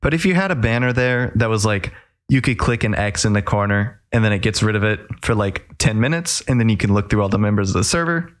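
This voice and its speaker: A man co-hosting a casual gaming podcast, explaining his ideas in an animated, lively way with some casual swearing. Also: on the low side, fast. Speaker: podcast co-host. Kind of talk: casual chat.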